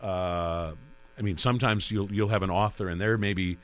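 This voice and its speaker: A man with a low voice talks about hosting radio interviews. He rambles, doubles back and restarts his sentences as he tells his stories. A faint mains hum sits under the recording. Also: fairly even intonation, normal speed. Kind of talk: conversational interview.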